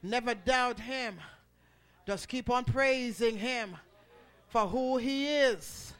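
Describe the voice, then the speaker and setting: A man preaching a sermon, swelling into shouted, rhythmic phrases punctuated by "uh" and calling on the congregation to respond. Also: extremely high pitch, slow.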